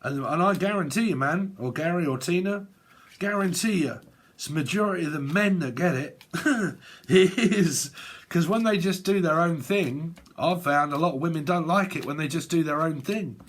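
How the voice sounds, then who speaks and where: A man's voice: on the high side, moderate pace. A man giving a casual tarot reading, rambling and swearing, often breaking into laughter. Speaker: tarot reader.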